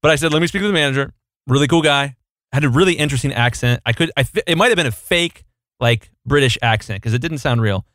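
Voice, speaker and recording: A man's voice: mid-range voice, fast talker, a bit bright, no echo, studio quality. A young adult man co-hosting a podcast in a casual, playful chat, telling jokey stories. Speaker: podcast co-host.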